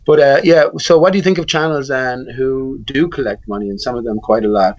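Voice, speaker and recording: A man asks long, probing questions on a live chat panel and often restarts his sentences. His voice has a medium pitch and comes through dull, lo-fi call audio. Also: fairly quick. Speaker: panel guest. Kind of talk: casual discussion.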